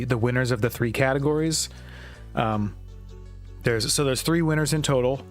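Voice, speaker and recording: A man hosting a livestream to announce contest winners, hesitant and self-conscious, with lots of ums. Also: mid-range voice. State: nervous, dry mouth. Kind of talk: casual livestream chat.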